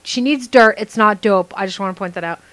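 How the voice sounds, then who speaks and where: A young woman chatting casually, telling a funny story in an animated way and laughing often. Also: mid-range voice, brisk. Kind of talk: casual chat.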